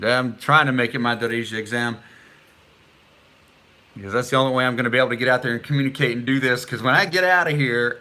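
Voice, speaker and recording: A middle-aged man talks on a casual live stream, chatting with viewers and reading their comments aloud. His voice sits at an average pitch with a bright, forward tone. He stumbles through foreign words, trying them slowly and haltingly.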